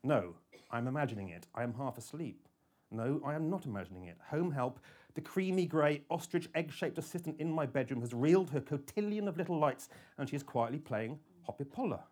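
A man reading a first-person thriller audiobook with an intense delivery that moves between hushed and urgent. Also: on the high side, lively intonation, fairly quick. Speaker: audiobook narrator.

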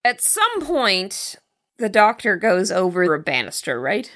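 A woman's voice: medium pitch, huge pitch swings, measured pace, fairly bright tone. A woman co-hosting a podcast, chiming in on a movie recap with reactions and frequent laughs. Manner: laughs often, chimes in with reactions. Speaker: podcast co-host. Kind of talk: casual movie recap chat.

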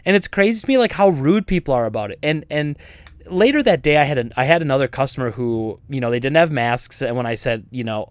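A man co-hosting a podcast, ranting in a casual, animated and exasperated way about store customers. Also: medium pitch, fast, smooth, no echo. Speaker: podcast co-host and store owner.

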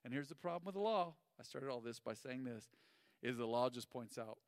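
A man preaching a sermon as pastor, telling stories animatedly and swinging between loud and hushed. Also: mid-range voice, animated, a little fast, dry recording, studio quality, in a large hall.

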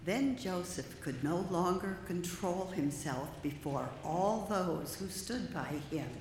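A woman reads scripture in a slow, measured, careful way, her voice a touch low. The sound is heavily echoed with a long reverb tail from a big church, and faint noise sits underneath. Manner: measured, careful reading aloud. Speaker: lay reader. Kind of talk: scripture reading. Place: large church sanctuary.

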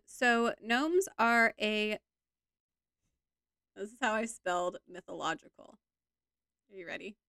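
Slow-talking, playful woman podcaster. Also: mid-range voice, gravelly, fairly bright tone, no room sound. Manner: giggly, playful, rambling. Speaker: podcast co-host. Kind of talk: casual chat.

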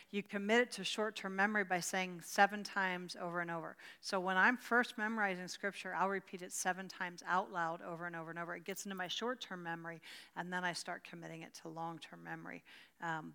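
A woman's voice: mid-range voice, creaky, bright, forceful tone, clean tone, in a large hall. An older woman from rural Pennsylvania teaching a church Bible study, fervent and repeating her words as she answers questions from the group.

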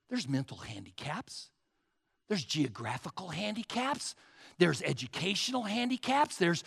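A man's voice: high voice, gravelly, bright, forceful tone, breathy edge, long reverb tail. A man preaching a sermon as pastor, emphatic and urging his listeners to write points down.

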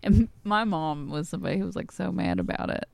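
A woman's voice: fairly low pitch, very animated, brisk, vocal fry, dry recording. A woman from Wisconsin with a Wisconsin accent, talking in a rambling, profane, casual chat. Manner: rambling, profane, self-interrupting.

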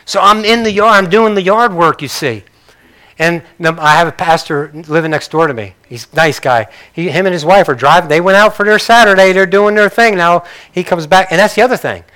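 An older man preaching a sermon in a conversational way, asking the congregation questions and swinging between loud bursts and soft, quiet passages. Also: high-pitched, fairly quick, clear, resonant tone. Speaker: pastor.

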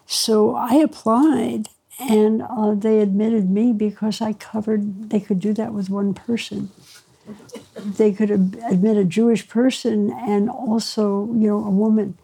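A woman's voice: mid-range voice, steady tone, a little slow, creaky, warm tone, breathy edge. An older woman, a pediatrician, telling her story in an interview, reflective and wry, laughing between phrases. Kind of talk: storytelling in conversation.

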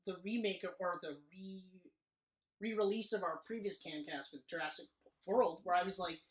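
A woman co-hosting a podcast, reviewing a movie in casual, animated chat and swearing freely. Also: fairly low pitch, normal speed. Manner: animated, swearing, acts out characters' lines. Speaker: podcast co-host. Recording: echoey room.

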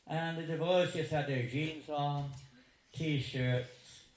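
A man's voice: on the high side, fairly even intonation, slow pace. A man in his seventies telling stories to a live audience in a chatty, chuckling, digressive way. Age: 70s. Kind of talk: anecdotal talk to a live audience. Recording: roomy hall echo, faint noise.

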